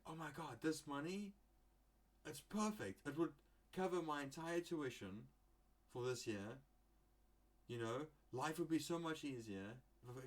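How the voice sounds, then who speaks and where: A young man from England hosts his own podcast in a loose, rambling monologue. He swears casually, drifts into jokey asides and keeps a mid-pitched, ordinary voice throughout. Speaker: podcast host.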